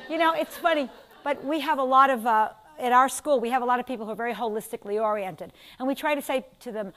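An older woman with a New York accent, teaching a class in a lively lecture style and putting questions to her students. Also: a little high, crowd noise, noisy background. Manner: animated, asks the class questions, quick asides. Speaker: instructor.

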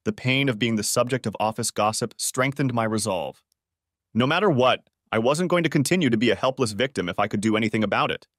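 A man reads a first-person story aloud in an earnest audiobook style. His pitch moves in a lively way through the sentences. The recording is close and dry, with no room echo. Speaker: narrator.

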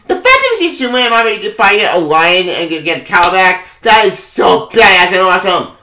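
Male comic reviewer, high animated voice, loud excitable delivery full of curses, roomy echo. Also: a little fast, a little hiss or hum. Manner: excitable, swears a lot, laughs often. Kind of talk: casual spoken review.

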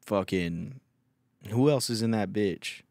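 A man's voice: fairly low pitch, slow, darkish tone, no echo. A young man hosting a podcast, telling a rambling, profane story in casual chat. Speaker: podcast host.

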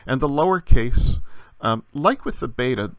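A man teaching a recorded language lesson, explaining patiently with frequent pauses and fillers. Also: mid-range voice, lively intonation, dry recording.

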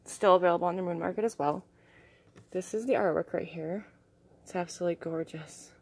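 A young woman vlogging in an excited, gushing way, a little out of breath, sometimes dropping to soft asides. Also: lowish voice, vocal fry. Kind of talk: casual unboxing chat.

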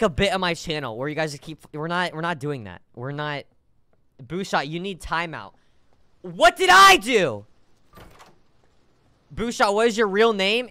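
A man streaming a game live, talking to his chat in an excitable, joking way with sudden shouts. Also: high-pitched, clear, resonant tone.

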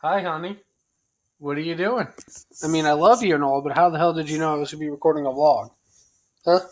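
A young man vlogging in a goofy comic way, often yelling and joking loudly. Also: fairly high pitch, a little fast. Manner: loud, yelling, jokey, swearing. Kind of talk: goofy comedy vlog.

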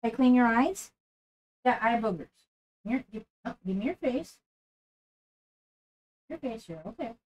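A woman on a live stream, talking loosely with her viewers and slipping into doting baby talk for her dog. Her voice sits a little higher than most women's. She rambles in a relaxed, chatty way. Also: measured pace, long pauses, dull audio. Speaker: game streamer. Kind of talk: casual live-stream chat.

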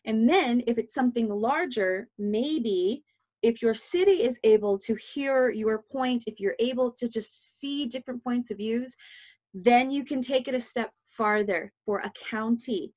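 A woman's voice: a little high, measured pace, a little mellow. A young woman from the United States, a podcast host telling stories in casual chat, blunt and full of swearing. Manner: blunt, profane storytelling. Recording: dull lo-fi sound.

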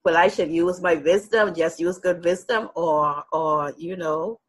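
A woman's voice: lowish voice, a little slow, slightly rough. A woman hosting an interview, asking long, searching questions. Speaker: host.

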